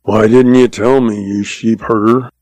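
A man voicing a slow-witted, blustering small-town sheriff who turns meek and fumbling, in an audiobook. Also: lowish voice, fairly even intonation, a little mellow, no echo. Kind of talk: audiobook character voice.

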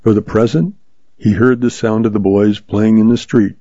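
A host reads pulp western stories in a low, dark, husky voice, keeping a steady, measured delivery. The recording is dry and dull, with a lo-fi sound.

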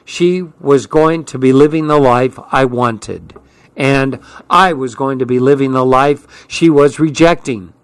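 Slow, measured male audiobook narrator. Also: mid-range voice, smooth, no echo. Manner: measured, unhurried storytelling. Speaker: audiobook reader. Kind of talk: scripted narration.

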